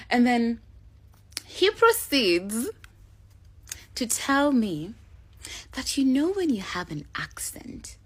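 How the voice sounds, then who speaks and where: A woman's voice: a little high, slow, long pauses. A woman, telling a story in a casual, sarcastic way. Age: 20s. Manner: sarcastic, animated retelling with code-switching.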